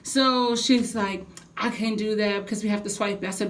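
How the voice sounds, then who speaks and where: A young woman vlogging from home, telling a heated storytime with lots of swearing. Her voice is of ordinary pitch for a woman, and she talks straight to her viewers. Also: normal speed. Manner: animated, profane venting storytelling. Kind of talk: casual storytime vlog.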